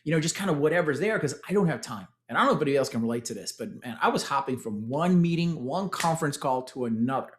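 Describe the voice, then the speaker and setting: A Texan man in his forties, once a tech executive, gives an energetic motivational testimonial about his fitness journey, repeatedly addressing his listeners as "guys." His voice sits a little high and sounds animated, and he talks fast with hardly any pauses.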